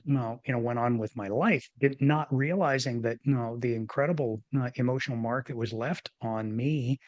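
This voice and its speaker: A man's voice: mid-range voice, no room sound, muffled recording. Rambling older man telling a story. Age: 50s or older. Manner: animated, rambling with many restarts and fillers. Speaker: podcast host, former physician. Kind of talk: casual interview storytelling.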